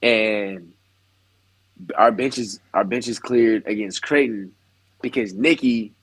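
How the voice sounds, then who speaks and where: Young man, casual storyteller, animated quotes, lowish voice, dry close sound. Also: slow, husky, no room sound, poor audio. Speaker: baseball player guest.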